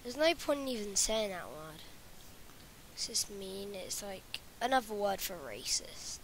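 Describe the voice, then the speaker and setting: A woman's voice: mid-range voice, sing-song, measured pace, slight background noise. A woman talking over her gameplay in a rambling way, often dropping into whispers. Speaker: gaming channel host. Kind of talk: gameplay commentary.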